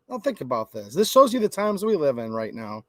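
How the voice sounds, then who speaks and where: A man's voice: a little high, huge pitch swings, a little fast, dry recording. Brash ranting man on a livestream. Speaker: host. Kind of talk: casual livestream commentary.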